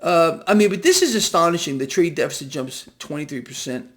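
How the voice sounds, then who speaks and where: A man's voice: fairly high pitch, expressive, brisk. A man giving a casual market commentary monologue with allergies, speaking emphatically and sardonically, repeating phrases and laughing at bad news. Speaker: financial commentator.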